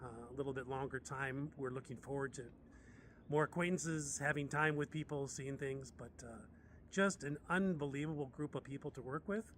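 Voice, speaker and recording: American man, 60s, medic, chatty animated storyteller, middle pitch, faint background noise. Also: moderate pace. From United States. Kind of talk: casual storytelling.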